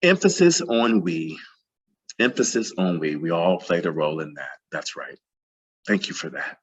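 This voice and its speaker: Deep, husky man giving an impassioned keynote. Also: normal speed. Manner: passionate, emphatic, repeats phrases for emphasis. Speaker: plenary speaker. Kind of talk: conference keynote talk.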